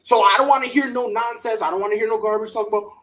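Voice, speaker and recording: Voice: mid-range voice, steady tone, rapid-fire, fairly bright tone, low-quality recording. A sports podcast host giving opinionated takes in a fired-up, emphatic way, often repeating words and mocking others in put-on quoted voices.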